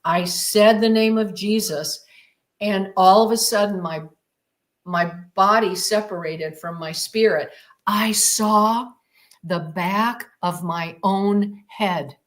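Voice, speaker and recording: A woman's voice: mid-range voice, takes it slowly. Emphatic woman telling a vivid story. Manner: vivid, emphatic retelling with repeated phrases. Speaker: podcast guest. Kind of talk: dramatic personal storytelling.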